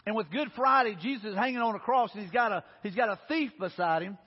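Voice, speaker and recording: Husky-voiced preacher man. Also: sits high, quick pace. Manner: earnest preaching, frequent restarts and repeated words. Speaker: pastor. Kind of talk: sermon. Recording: dull recording in a reverberant hall.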